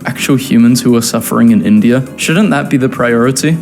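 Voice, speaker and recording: A man's voice: mid-range voice, brisk, darkish tone, faint music behind. A man giving casual, sarcastic reaction commentary, reading posts aloud and mocking them.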